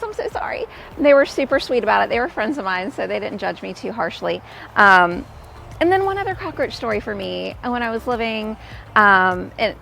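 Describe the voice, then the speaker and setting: A woman's voice: mid-range voice, vocal fry, fairly bright tone, slight background noise. A woman, a real estate agent telling stories in a chatty, casual vlog. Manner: chatty, storytelling, laughs and squeals. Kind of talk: casual talking-to-camera vlog. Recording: faint background music.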